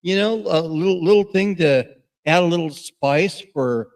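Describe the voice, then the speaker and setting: A man's voice: on the high side, moderate pace, vocal fry, a little mellow. Rambling middle-aged man reviewing gear. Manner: rambling, many fillers and restarts. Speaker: gear reviewer and radio host. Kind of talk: casual product review.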